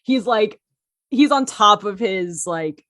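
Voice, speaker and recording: A woman's voice: mid-range voice, slow pace. Chatty woman voice actor, laughing often. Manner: excitable, animated storytelling. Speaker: podcast guest, voice actor and writer. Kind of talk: casual interview chat.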